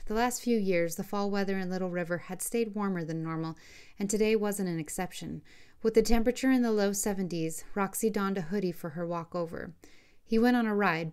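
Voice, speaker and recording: A woman, the author, narrating her own romance novel as an audiobook in a steady, unhurried reading. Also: fairly low pitch, creaky, clear, resonant tone.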